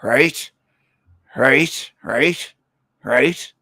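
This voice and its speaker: A man's voice: mid-range voice, animated, extremely slow, creaky, bright, forceful tone, no echo, clean studio sound. A man hosting a livestream, giving sarcastic, taunting commentary on a video he plays. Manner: sarcastic, taunting, repeats lines in a mocking voice. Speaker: livestream host.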